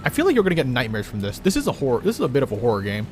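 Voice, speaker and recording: A man's voice: mid-range voice, wildly swooping pitch, rapid-fire, noisy background. Casual man streaming a game. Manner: casual, joking, reads story text aloud. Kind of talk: let's play commentary and reading aloud.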